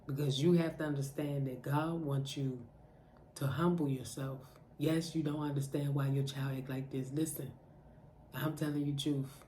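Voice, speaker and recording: A woman's voice: low-pitched, steady tone, moderate pace, mellow, slight background noise. A woman mother giving a spoken faith message of encouragement to parents, urging them directly with repeated calls to pray and not give up. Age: adult mother. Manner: preaching directly to the listener, repetitive urging. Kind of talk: impassioned spoken exhortation.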